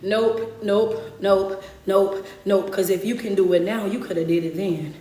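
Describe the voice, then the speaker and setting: A woman's voice: medium pitch, fairly even intonation, measured pace, mellow, roomy sound. A woman giving a fiery motivational talk, repeating herself and laughing between lines. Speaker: motivational speaker.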